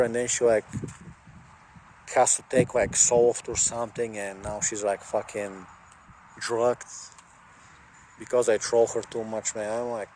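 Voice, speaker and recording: A man's voice: on the low side, flat delivery, measured pace, long pauses, darkish tone, slight background noise. A man chatting casually and rambling with lots of fillers, recorded on a phone outdoors beside a car. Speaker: vlogger. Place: outdoors by a car, jump-starting it.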